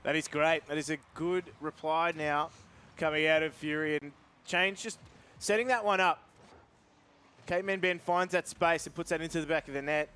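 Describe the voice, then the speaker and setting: A man calling live esports play-by-play in a lively, upbeat way. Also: on the high side, moderate pace, smooth. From Australia. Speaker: esports commentator.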